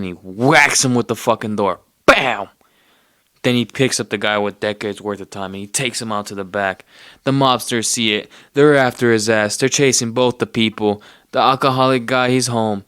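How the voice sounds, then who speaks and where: A man's voice: lowish voice, fairly even intonation, fairly quick, fairly bright tone, clear, resonant tone, no echo, clean studio sound. A man casually retelling a movie plot in a rambling, profane way, with streetwise slang. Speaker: podcast host.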